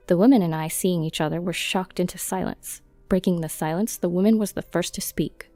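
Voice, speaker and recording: A woman narrating a first-person story in a steady, matter-of-fact way. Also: fairly low pitch, moderate pace, no room sound, faint music behind.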